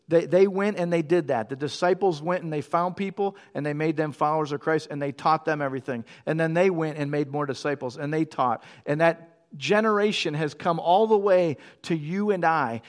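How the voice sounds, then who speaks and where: A middle-aged man preaching a sermon with a slightly high voice. He talks to the congregation conversationally and drifts into quick storytelling asides. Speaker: pastor.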